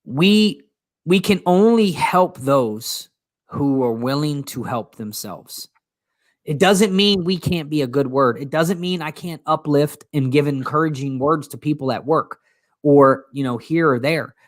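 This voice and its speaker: A man's voice: mid-range voice, no room sound, clean studio sound. A man co-hosting a motivational talk show, speaking earnestly with frequent restarts. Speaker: co-host.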